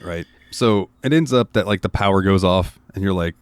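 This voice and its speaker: A man's voice: deep voice, moderate pace, slight background noise. A man co-hosting a casual podcast, rambling through a game's story with lots of fillers. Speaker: podcast co-host.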